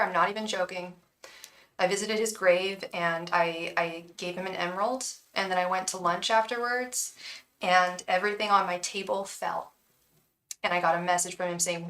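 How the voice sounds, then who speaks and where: An American woman giving a live tarot reading who chats warmly with viewers and chants repeated invocations to her guides. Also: on the low side, recorded from a distance, slight background noise, low-quality recording. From United States. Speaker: tarot reader and psychic.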